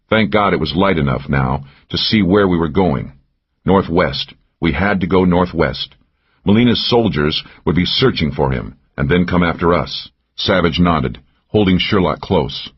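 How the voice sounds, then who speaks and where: Deep husky male audiobook narrator. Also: normal speed, muffled recording. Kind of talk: first-person thriller narration.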